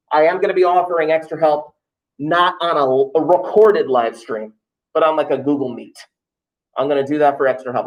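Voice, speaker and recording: A wry male math teacher, talking to his class in a casual, joking way. His voice sits a bit high for a man, and he tosses in offhand, self-mocking asides. He is recorded in a classroom. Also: low-quality recording. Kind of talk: classroom talk to students, livestreamed.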